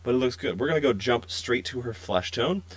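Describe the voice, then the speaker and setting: A young adult man hosting a casual live-stream painting tutorial, chatty and relaxed as he talks to viewers while working. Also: medium pitch, brisk, dry recording. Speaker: miniature painting stream host.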